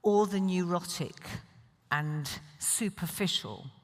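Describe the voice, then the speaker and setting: A middle-aged woman with a British accent giving a conversational keynote speech on a festival stage, animated and wry. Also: fairly low pitch, slow pace. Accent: British English. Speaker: keynote speaker. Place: large festival stage hall. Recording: long hall reverb.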